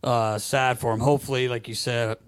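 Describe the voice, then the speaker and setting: A man telling hockey locker-room stories in a relaxed podcast chat, laughing often and swearing freely. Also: mid-range voice, brisk, smooth. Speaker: former hockey team equipment manager, guest. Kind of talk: casual podcast storytelling.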